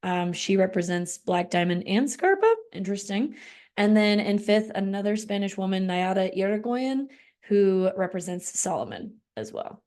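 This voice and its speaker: A woman co-hosting a podcast in casual chat, relaxed, with many fillers. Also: medium pitch, moderate pace. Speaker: podcast co-host.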